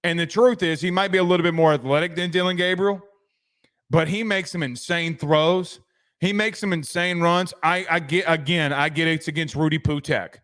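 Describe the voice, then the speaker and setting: A man's voice: on the high side, steady tone, moderate pace, fairly bright tone. A man hosting a casual sports commentary show, rambling and joking. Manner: rambling, joking, trails off into asides.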